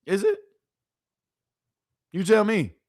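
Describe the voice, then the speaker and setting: A woman streamer giving casual, animated sports commentary, full of rhetorical questions and slang. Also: mid-range voice, slow.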